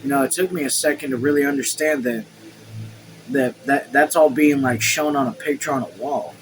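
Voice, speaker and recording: A man reading a novel aloud casually, slow and halting over words, breaking off for chatty asides. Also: on the high side, slight background noise, poor audio. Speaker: read-along host.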